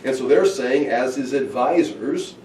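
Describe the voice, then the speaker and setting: A man's voice: mid-range voice, measured pace, slight background noise. Male Bible teacher in an echoey room. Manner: animated, acts out scenes with excited outbursts. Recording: echoey room, heard from a distance.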